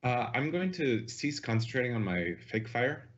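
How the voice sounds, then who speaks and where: A man's voice: medium pitch, big pitch swings, normal speed. A man playing a tabletop game, easygoing and a little hesitant, with wry remarks. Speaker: player. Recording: dull lo-fi sound.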